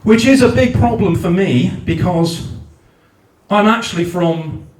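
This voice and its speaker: A man's voice: sits high, a little slow, darkish tone. A man from South Wales doing a stand-up set at a comedy night, ranting in exasperation and swearing heavily. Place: large function room at a comedy night. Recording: roomy live venue, mic at a distance.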